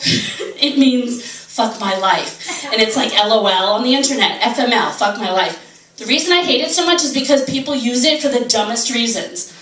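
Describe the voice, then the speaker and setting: Recorded from the crowd on a handheld camera, this stand-up set has roomy club sound, a noisy background, and audience laughter. The comic, a woman in her forties with a high voice, is brash and profane, delivering mock-outraged rants.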